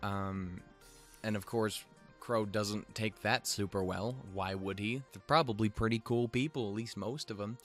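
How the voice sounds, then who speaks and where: A man with a somewhat low voice talks through an episode in a loose, rambling recap. He restarts his sentences often and swears offhand. Soft music plays faintly underneath. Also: a little slow. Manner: rambling, lots of fillers and restarts, swears casually. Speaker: show reviewer.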